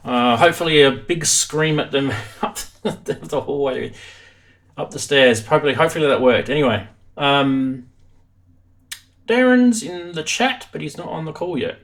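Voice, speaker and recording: A man's voice: a little high, expressive, moderate pace, fairly bright tone. An Australian man hosting a live stream from his home studio, chatting casually in a self-deprecating way.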